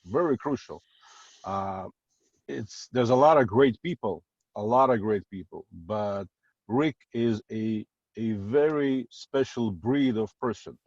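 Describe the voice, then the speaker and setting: Slow and darkish with a fairly low pitch, this middle-aged man from Uzbekistan talks casually as a guest on a video call. His wording is plain and a bit non-native. The lo-fi call audio is dry and dull, with no room sound.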